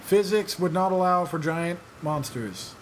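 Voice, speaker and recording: A young man drawls out joking, sarcastic commentary over his gameplay, in a slightly high voice. He takes his time, wandering from one thought to the next. There is clear background noise behind him. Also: animated, a little slow. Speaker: let's play gamer.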